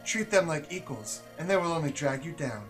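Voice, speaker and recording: A man's voice: on the high side, animated, a little fast, soft background music, pitched above the performer's own voice, lightly acted. Man voicing a scornful cold noblewoman. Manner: contemptuous, clipped.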